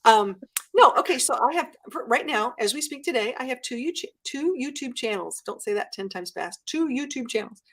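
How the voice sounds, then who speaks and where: Woman, high-pitched, chatty interview guest, animated storyteller. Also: fairly quick, hardly any pauses. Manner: animated storyteller, acts out quotes. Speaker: guest YouTuber. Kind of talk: casual interview chat.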